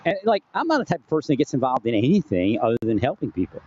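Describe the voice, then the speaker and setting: A man's voice: medium pitch, big pitch swings, rapid-fire, a little mellow, lo-fi sound, a little hiss or hum. A man rambling through a personal monologue into his own mic at home, distracted and restarting often. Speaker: vlogger. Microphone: home recording setup with phantom-powered mic.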